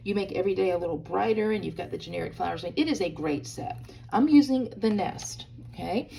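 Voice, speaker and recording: A woman's voice: medium pitch, expressive, brisk, creaky, warm tone, slightly rough. A woman hosting a hands-on crafting tutorial from a hotel room, chatty and bubbly, talking straight to her viewers. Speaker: craft video host.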